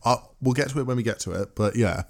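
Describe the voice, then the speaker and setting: A man's voice: medium pitch, fast talker. A man co-hosting a podcast in casual chat, rambling and correcting himself as he jokes through a game show recap. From England. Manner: rambling, self-correcting, joking. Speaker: podcast co-host.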